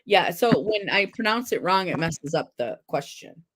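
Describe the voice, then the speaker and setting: A woman's voice: fairly low pitch, lively intonation, normal speed, a bit bright, breathy edge, low-quality recording. A woman hosting a casual trivia livestream, reading out questions, spelling words and laughing at her own slips. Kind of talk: casual chat.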